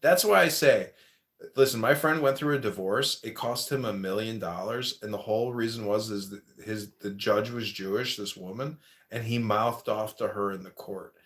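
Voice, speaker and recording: A man's voice: on the low side, moderate pace, fairly bright tone. A man hosting a casual livestream chat, crude and mocking, swearing often as he roasts his guests. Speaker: livestream host.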